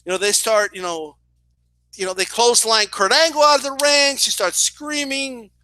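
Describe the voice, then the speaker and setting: A young man telling a story in a casual, animated way, swearing and often asking "right?". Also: very high voice, moderate pace, dry recording. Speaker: boxing and wrestling commentator.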